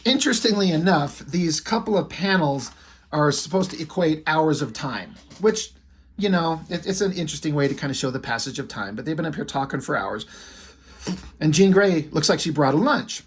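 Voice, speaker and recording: Husky-voiced man rambling about comics. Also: fairly high pitch, animated, moderate pace. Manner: rambling, filler-heavy retelling. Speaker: comic book reviewer and artist. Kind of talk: casual comic commentary.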